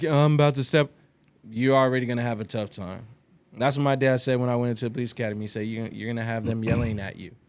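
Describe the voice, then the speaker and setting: A man hosting a casual podcast conversation. His voice sits at a middle pitch and he keeps up a steady stream of short affirmations. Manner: frequent affirming backchannels. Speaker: podcast host.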